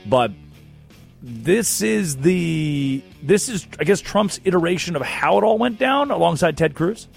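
A man hosting a casual sports talk show, telling stories in an animated, joking way. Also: on the high side, measured pace, gravelly, music in the background. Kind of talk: casual comedic chat.

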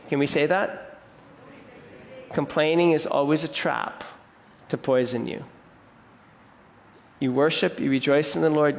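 A man's voice: fairly high pitch, vocal fry. A man preaching a sermon in an earnest, direct way, repeating phrases for emphasis. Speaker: pastor. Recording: long hall reverb.

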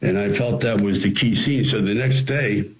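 Deep-voiced man telling stories. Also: moderate pace, low-quality recording. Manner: animated, with frequent restarts. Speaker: interview guest, actor and screenwriter. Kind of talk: anecdotal storytelling.

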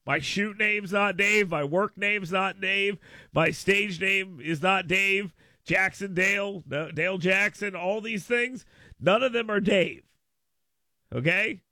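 A man's voice: sits high, slow pace, bright, forceful tone, no echo. A man hosting a radio talk show, rambling and repeating himself in casual chat, laughing often, at a studio microphone.

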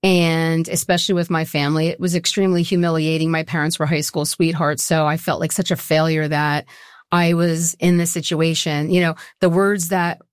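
A woman's voice: low voice, little pitch movement, normal speed, clear, resonant tone, no echo, clean studio sound. A middle-aged woman talking as an interview guest, earnest and emotional, rambling with many restarts. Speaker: guest, co-founder of a women's support group. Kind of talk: conversational interview.

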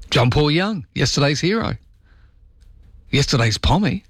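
A man's voice: medium pitch, animated, brisk, dry recording, clean studio sound. An Australian man hosting a late-night talkback radio show, reading listener messages with jokey, wry asides. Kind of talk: casual talkback radio chat. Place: radio studio.

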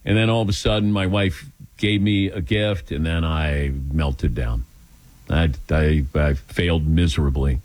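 A man's voice: very deep voice, a little slow, no room sound. An older man hosting a radio call-in show, telling self-deprecating stories and acting out quotes in a casual chat. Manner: self-deprecating, animated storytelling with acted-out quotes. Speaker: radio talk show host.

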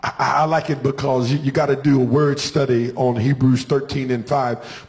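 A man preaching a sermon in a rhythmic, call-and-response style, building from quiet talk to shouted climaxes. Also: fairly high pitch.

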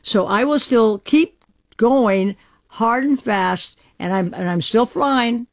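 A woman's voice: fairly high pitch, takes it slowly. An older American woman in her eighties tells her story with spirit and emphasis. She speaks in an archived radio interview, firm and keen. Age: 80s.

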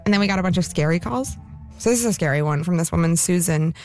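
A woman with a somewhat low voice, telling listener stories in a relaxed, chatty way. Clear music plays under her, and she laughs easily as she talks. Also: fast. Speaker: producer recounting listener stories. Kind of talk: casual storytelling.

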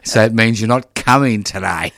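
A man's voice: fairly low pitch, normal speed, no room sound, clean studio sound. An older man with an Australian accent hosting a radio chat, telling stories in a wry, repetitive way. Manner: wry, repetitive, lively storyteller. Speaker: radio host. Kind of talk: casual on-air chat. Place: radio studio.

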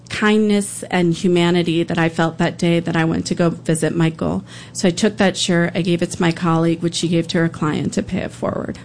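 A woman who works as a public defender, telling a true personal story live in an earnest, halting, emotional way. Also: lowish voice, slight background noise.

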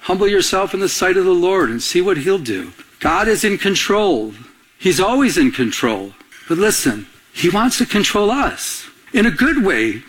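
A male preacher telling a story in a sermon, acting out both sides of the dialogue in an animated way. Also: high voice, moderate pace.

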